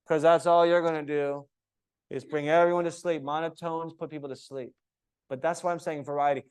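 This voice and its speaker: A man teaching a yoga teacher training, lecturing with lively, varied delivery and cueing poses in a sing-song way. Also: mid-range voice, normal speed, smooth. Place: yoga studio.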